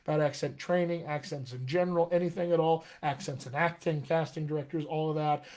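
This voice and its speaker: Man, dialect coach, live stream lesson, patient explaining, slightly high voice, webcam mic. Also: steady tone, darkish tone. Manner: explains slowly, checks in with "all right?".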